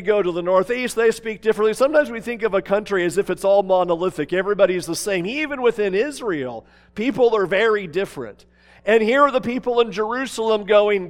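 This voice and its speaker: A man preaching a sermon. He tells the story dramatically, moving between emphatic passages and hushed ones. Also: high-pitched. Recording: long reverb of a large hall.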